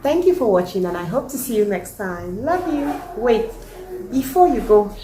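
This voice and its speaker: A woman giving her opinions in a casual reaction vlog, animated and emphatic. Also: a little high, moderate pace, background noise. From Cameroon. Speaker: vlogger reacting to a video. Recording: echoey room.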